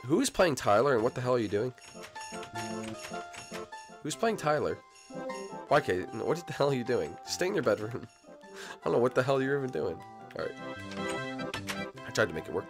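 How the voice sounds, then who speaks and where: A man's voice: mid-range voice, very animated, normal speed, pauses often, music in the background. A young man hosting a game channel, chatting casually and bossing his friends around on a voice call. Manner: bossy, laughing at his friends. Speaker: channel host and director of the role-play.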